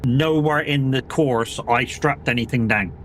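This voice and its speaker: A young British man talks through a trucking game in a loose, rambling way, swearing freely as he recalls past work. His voice sits at an ordinary mid pitch, and a faint noise runs under it. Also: measured pace, fairly bright tone. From United Kingdom. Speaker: streamer. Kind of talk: casual chat while gaming.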